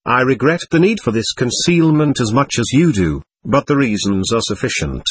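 A man voicing a somber, commanding male alien overseer in an audiobook, with a measured, grave delivery. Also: mid-range voice, lively intonation, slightly rough, no echo.

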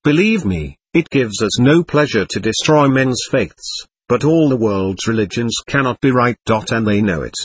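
A man voicing a somber, commanding male alien overseer in an audiobook, with a measured, grave delivery. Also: medium pitch, lively intonation, husky, no echo.

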